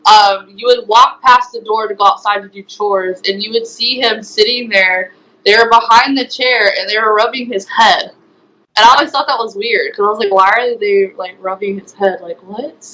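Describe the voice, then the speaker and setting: A woman's voice: a little high, fairly even intonation, moderate pace, pushed and bright, poor audio. A young woman giving interview testimony, hesitant, with frequent ums and likes. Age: young adult. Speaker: guest, former resident.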